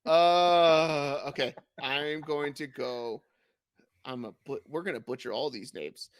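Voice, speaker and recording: A man's voice: a little high, slow pace, no echo, studio quality. A man co-hosting a sports podcast, rambling and joking in a casual chat. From California. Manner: rambling, joking, many fillers. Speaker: podcast co-host.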